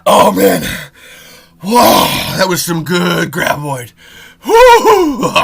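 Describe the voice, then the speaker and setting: A man's voice: medium pitch, sharp tone. A man hosting a podcast alone, ranting loosely with frequent ums, restarts and swearing. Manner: rambling, profane, lots of ums and restarts. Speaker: podcast host. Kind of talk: solo podcast rant.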